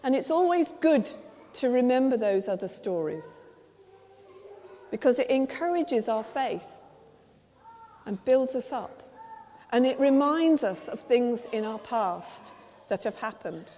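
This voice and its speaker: English woman preacher, gentle storytelling sermon, mellow voice, church reverb. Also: on the high side, lively intonation, takes it slowly, pauses often, a little hiss or hum. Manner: gentle storytelling, acts out quotes softly.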